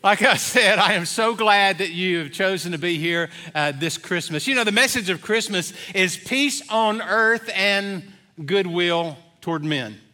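A man's voice: sits high, unhurried, sharp tone. A middle-aged male pastor giving a sermon in a church, telling folksy stories with many fillers. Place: church sanctuary.

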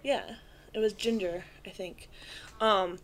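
A woman's voice: mid-range voice, fairly even intonation, slow pace. A woman chatting casually on a podcast, telling anecdotes and laughing through them. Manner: giggly storyteller, laughs through her anecdotes. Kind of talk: casual chat.

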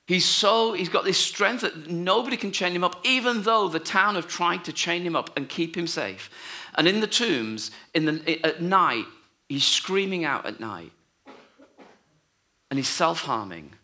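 A man preaching a sermon, telling a story and acting out the voices in it, often dropping to a hush. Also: on the high side.

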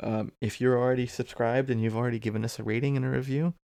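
A man's voice: mid-range voice, fairly even intonation, fast, gravelly, mellow, no echo, studio quality. A man co-hosting a podcast from home on his own mic, chatting casually and reading out where to follow the show. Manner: laid-back, reads out social links. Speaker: podcast co-host. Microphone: records remotely on own mic.

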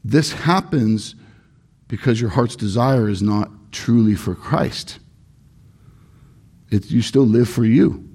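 A man's voice: lowish voice, dark tone. A male pastor preaching a sermon in an earnest, emphatic way, stressing points through repetition.

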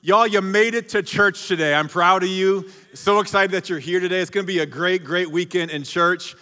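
In a large church auditorium whose long hall reverb follows every word, a pastor gives a sermon at a normal speed. His voice is high and bright, and he preaches energetically, cracking jokes and calling out to the crowd.

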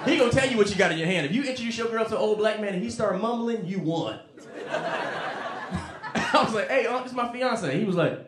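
A man performing a stand-up comedy set, animated and slipping into character voices. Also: high voice, fast talker, pauses often, noisy background. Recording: roomy club with laughing crowd.

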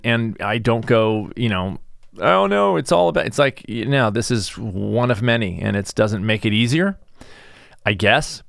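A middle-aged man with a fairly low voice talks alone on his podcast, his words halting and soft as he searches for them. He sounds subdued and grieving. The sound is dry and close, with no room around it. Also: no echo. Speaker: podcast host and stress management coach. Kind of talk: reflective solo podcast monologue.

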